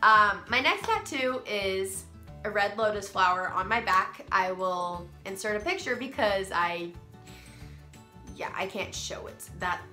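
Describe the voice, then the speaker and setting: This young vlogger speaks a little slowly at medium pitch, animated, bright and forceful despite a stuffy nose from a cold. She rambles casually through personal anecdotes with lots of ums and restarts. Faint music plays under a roomy echo.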